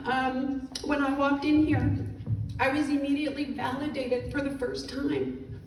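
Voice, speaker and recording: A middle-aged woman veteran giving an emotional personal testimony, halting and apologetic as she fights back tears. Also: high voice, fairly even intonation. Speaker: veteran speaker. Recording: echoey room, distant mic, faint noise.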